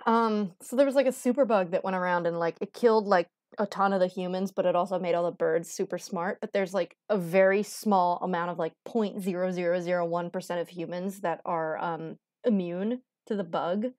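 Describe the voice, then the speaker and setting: A woman's voice: fairly low pitch, steady tone, brisk, few pauses, darkish tone, no room sound, clean studio sound. A woman streamer giving casual, rambling gameplay commentary in a chatty, giggly way.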